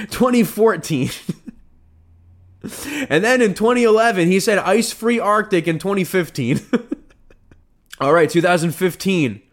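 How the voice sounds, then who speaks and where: Sarcastic, heated male podcast host. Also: high-pitched. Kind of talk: ranting commentary.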